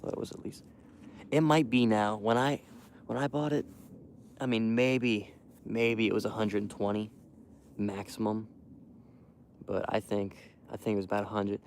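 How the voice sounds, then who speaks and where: A young man quietly rambling to his live stream while hunting outdoors in the cold wind, full of fillers and restarts. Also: on the low side, steady tone, normal speed, long pauses. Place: outdoors in a windy field edge.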